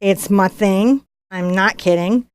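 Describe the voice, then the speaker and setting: A woman's voice: mid-range voice, takes it slowly, clear, resonant tone. A woman artist hosting a live unboxing stream, chatty and bubbly, often restarting her sentences. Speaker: professional artist and channel host.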